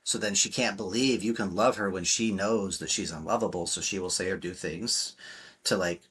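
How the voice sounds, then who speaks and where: A man's voice: sits low, moderate pace, a bit bright, breathy edge. A man speaking as a relationship coach in a podcast interview, emphatic and blunt, swearing freely and acting out quotes.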